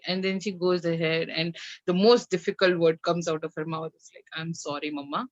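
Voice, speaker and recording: A woman guest, a mother and coach, telling a personal story in a candid conversation over a video call, animated and acting out dialogue. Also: lowish voice, fairly quick, no echo. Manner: animated, recounts with acted-out dialogue and laughs. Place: home. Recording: slightly dull lo-fi sound.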